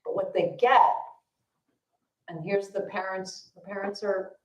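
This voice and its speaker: A woman dharma teacher tells a story at a family service in a casual, self-deprecating way, with easy fillers. Her pitch sits in the middle. The sound rings in an echoey temple hall. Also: steady tone, a little slow.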